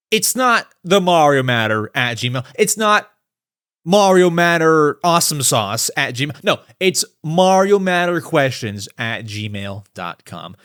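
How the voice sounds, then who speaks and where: A young man hosting a casual solo podcast, excitable and quick to break into exasperated rants. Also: fairly high pitch. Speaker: podcast host.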